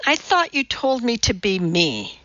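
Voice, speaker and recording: A woman's voice: fairly high pitch, huge pitch swings, a little slow, bright, forceful tone, no room sound, lo-fi sound, exaggerated voice. A woman voicing a blunt, exacting woman chemist in an audiobook, speaking matter-of-factly.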